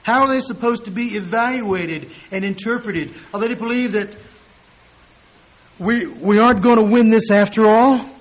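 A man reads scripture aloud during an expository sermon, building to loud, emphatic peaks when he quotes it. His voice is high-pitched and his pace moderate.

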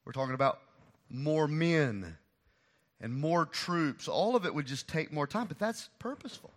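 A man preaching a sermon to his church, swinging from loud emphasis to hushed asides. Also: on the high side, lively intonation, moderate pace. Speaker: pastor.

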